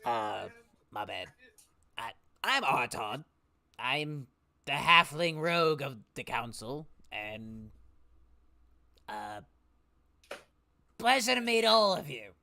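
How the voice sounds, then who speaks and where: A man's voice: mid-range voice, very animated, slow, vocal fry, pauses often, pushed and bright, exaggerated voice. A man voicing an old halfling rogue who fibs and rambles in a flustered, sheepish way.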